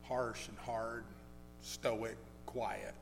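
A man preaching a sermon, telling a story in a conversational, halting way with many restarts. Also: lowish voice, flat delivery, gravelly, music in the background. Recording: long hall reverb with faint hum.

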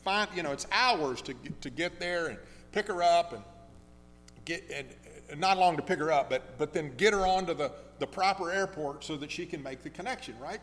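A man preaching a sermon, telling a story in a conversational, halting way with many restarts. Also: fairly high pitch, a bit bright. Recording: long hall reverb with faint hum.

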